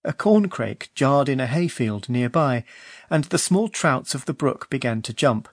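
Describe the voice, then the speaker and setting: A man's voice: mid-range voice, expressive, a little slow, no echo. Man reading a story aloud, dry and close. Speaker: audiobook narrator. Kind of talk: scripted narration.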